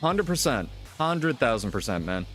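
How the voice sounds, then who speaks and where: A man's voice: mid-range voice, big pitch swings, moderate pace, fairly bright tone, soft background music. A male streamer from the United States in casual live-stream chat, ranting with lots of swearing and exasperation.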